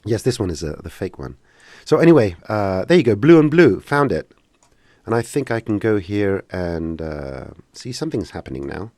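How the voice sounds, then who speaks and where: Low gravelly man. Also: sing-song, moderate pace, darkish tone, no room sound, studio quality. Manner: casual, joking, hesitant with many fillers. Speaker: software instructor. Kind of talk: live-streamed tutorial Q&A.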